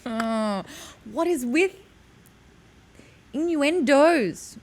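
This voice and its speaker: A woman hosting a casual podcast chat, playful and quick to laugh. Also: on the high side, a little hiss or hum. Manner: playful, laughing, jumps into voices. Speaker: podcast host.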